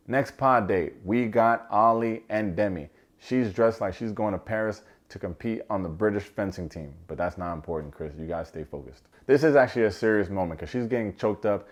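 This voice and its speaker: Male show reviewer, slightly low voice, casual, wisecracking recap delivery. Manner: sarcastic, joking asides.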